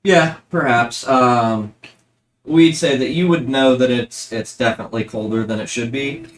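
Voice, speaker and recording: A man running a tabletop game as game master, narrating in a relaxed, rambling way with many fillers. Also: mid-range voice, measured pace.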